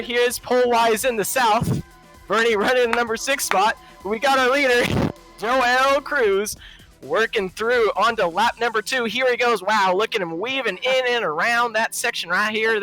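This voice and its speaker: A man's voice: very high-pitched, bright, forceful tone, voice pushed up, rough recording. A man voicing an over-the-top Southern male race announcer with a folksy, exaggerated drawl.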